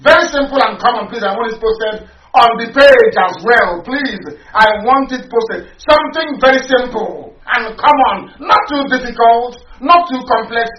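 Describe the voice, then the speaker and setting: A man's voice: very high-pitched, normal speed. A man giving an impassioned political broadcast, talking in a preachy, repetitive way and putting questions to his listeners. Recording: roomy, distant, dull lo-fi audio with faint noise.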